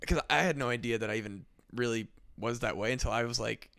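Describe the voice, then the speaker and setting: A male podcast guest rambles through casual talk, leaning on "like" between almost every phrase. His voice is smooth and clear at a mid pitch, and it is recorded dry and close. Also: quick pace, a bit bright, no room sound. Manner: rambling, heavy use of "like". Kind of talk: casual comedy podcast chat.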